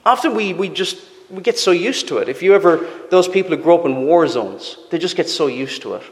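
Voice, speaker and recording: A man's voice: a little high, expressive, fairly quick. A man preaching a sermon in an earnest, emphatic way, asking his listeners rhetorical questions. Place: church. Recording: long church reverb.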